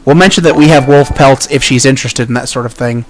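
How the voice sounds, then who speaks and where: A man playing in a tabletop game, talking in a low-key, laid-back way. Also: fast. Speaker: player. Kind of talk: casual tabletop game play.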